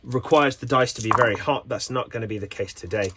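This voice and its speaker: A man's voice: mid-range voice, quick pace. Rambling jokey man, noisy recording. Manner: rambling, jokey, self-mocking. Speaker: channel host. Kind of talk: rambling explainer vlog.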